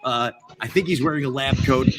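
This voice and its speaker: A man's voice: medium pitch, a little fast, distant mic, noisy background. A man, a voice actor, chatting casually and playfully about demonstrating character voices. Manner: playful, laughs often.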